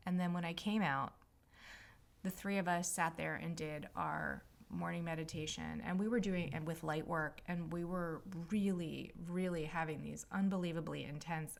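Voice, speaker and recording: Female healer, casual storyteller, low and gravelly, rambling and emotional. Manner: rambling, emotional, filler-heavy. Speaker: spiritual healer.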